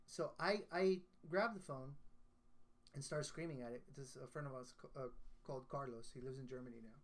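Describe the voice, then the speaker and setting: A man's voice: medium pitch, a little fast. Earnest man telling a personal story. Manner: earnest and emotional, with many restarts. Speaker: guest songwriter. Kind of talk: casual storytelling in conversation.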